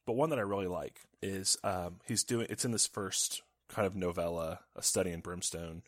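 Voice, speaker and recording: A man's voice: low voice, moderate pace, dry recording, clean studio sound. A man as a podcast guest, chatting casually and rambling. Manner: rambling, many fillers and restarts. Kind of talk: casual chat.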